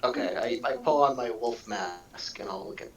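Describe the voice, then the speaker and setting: A man's voice: lowish voice, moderate pace, lo-fi sound, a little hiss or hum. A man playing a tabletop game, speaking hesitantly with laughs between words. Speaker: player. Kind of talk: tabletop game chat over a call.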